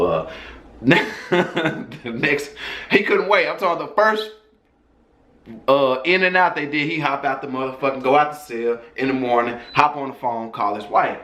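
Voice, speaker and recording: A man's voice: medium pitch, a bit bright, echoey room, slight background noise. A man casually telling a personal story in a loose, profane, conversational way.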